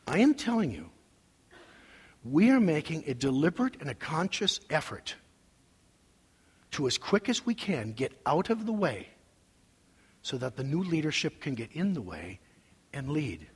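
A man preaching a sermon as pastor, telling a personal story with emotion, his voice going from soft asides to loud cries. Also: on the high side, big pitch swings, a little slow, pauses often, slightly rough. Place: large church sanctuary. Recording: long hall reverb.

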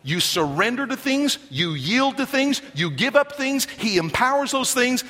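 A man preaching a sermon in an emphatic, animated way, with joking asides to the congregation. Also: high-pitched, moderate pace, hardly any pauses, big-room sound. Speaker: pastor.

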